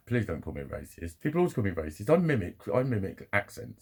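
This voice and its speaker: A man's voice: fairly low pitch, big pitch swings, brisk, darkish tone, husky. A middle-aged man, talking in a casual, rambling monologue to his camera. He swears a lot and often laughs at his own jokes. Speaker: vlogger.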